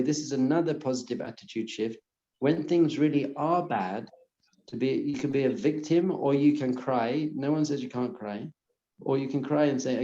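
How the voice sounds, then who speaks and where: A man, a rabbi, giving an earnest class to a live audience and softly repeating calming phrases. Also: mid-range voice. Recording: muffled, echoey room.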